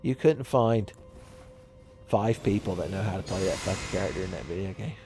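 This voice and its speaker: A man's voice: sits low, normal speed, over music. A man hosting a let's play, giving profane, sarcastic gameplay commentary and laughing at his own jokes.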